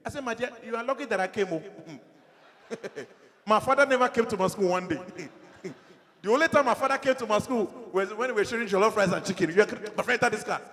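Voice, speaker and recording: A middle-aged man with a Nigerian accent performs an animated stand-up comedy set, acting out the dialogue in his stories. His voice is high-pitched, and the audio has a long reverb tail.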